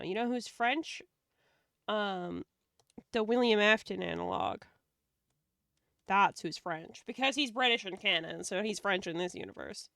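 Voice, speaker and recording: A woman's voice: mid-range voice, measured pace, vocal fry, a bit bright, no room sound, studio quality. A woman streamer chatting casually while she draws, playful and joking, laughing often.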